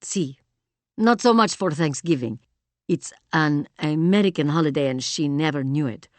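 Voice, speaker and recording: A woman voicing a quiet, gentle man who drops Spanish words, soft-spoken and understated, in an audiobook. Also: a little high, animated, moderate pace, dry recording, close to an everyday voice.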